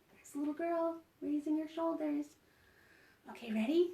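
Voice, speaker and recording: Woman, children's librarian, online storytime; high voice, animated and encouraging, in an echoey room. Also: normal speed. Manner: animated and encouraging, with gasps of surprise and prompts to join in. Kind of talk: online storytime reading picture books to children. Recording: roomy echo.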